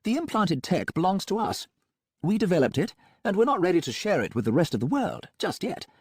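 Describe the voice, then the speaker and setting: A man's voice: sits high, sing-song, brisk, darkish tone, breathy edge, no room sound, clean studio sound, pitched above the performer's own voice, full character voice. A man voicing a callous male doctor who runs a cyborg ward, breezy and condescending. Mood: smug.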